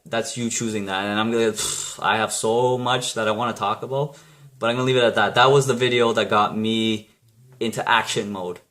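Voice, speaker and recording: A man's voice: medium pitch, steady tone, normal speed, a bit bright. A man talking casually to camera, giving blunt, rambling motivational advice full of restarts and mild swearing. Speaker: vlogger.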